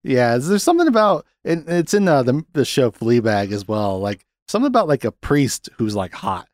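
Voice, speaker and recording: A man's voice: medium pitch, moderate pace, no room sound, clean studio sound. A man hosting a casual film podcast, laughing often and acting out lines as he goes. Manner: animated, laughs often, acts out quotes. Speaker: podcast host.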